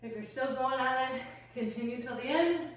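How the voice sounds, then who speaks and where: A woman's voice: high-pitched, normal speed, noisy background. Breathless woman coaching a workout. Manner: breathless, encouraging cues while exercising. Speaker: fitness instructor. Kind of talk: workout instruction. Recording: echoey room, distant mic.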